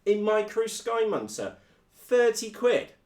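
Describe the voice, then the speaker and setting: A British man from the United Kingdom hosting a live stream about his radio-controlled models, blunt, energetic and full of slang. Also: high-pitched, takes it slowly, roomy sound. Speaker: RC hobby video host. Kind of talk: casual live-stream chat.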